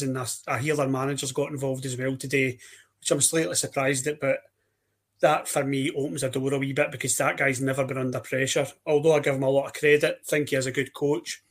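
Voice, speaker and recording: A Scottish man co-hosting a casual podcast chat, telling his stories in a wry way. His voice stays very flat and level, with little rise and fall. It sits at a middling pitch. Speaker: podcast co-host.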